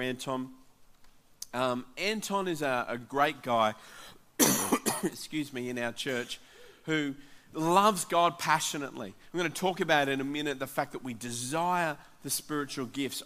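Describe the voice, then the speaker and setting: A man's voice: mid-range voice, a bit bright. A man, a pastor preaching earnestly and interviewing a church member. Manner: earnest, encouraging. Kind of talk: sermon with interview.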